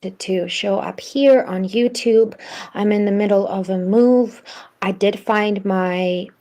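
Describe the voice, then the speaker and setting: Calm, mellow-toned woman YouTuber, built-in mic sound. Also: medium pitch, slow. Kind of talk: vlog intro.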